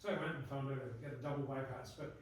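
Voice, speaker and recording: A man's voice: medium pitch, fairly even intonation, fast, a little hiss or hum. An older man, a botanist giving a public talk, telling rambling stories full of tangents and laughs. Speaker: guest speaker, botanist. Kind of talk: casual storytelling talk. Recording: echoey room, distant mic.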